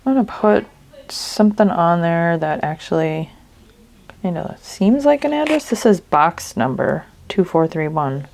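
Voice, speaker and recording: A woman's voice: fairly low pitch, animated, measured pace, gravelly, a little mellow. A woman hosting a crafting video, chatting casually and thinking aloud as she works, with a tickle in her throat. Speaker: crafting channel host.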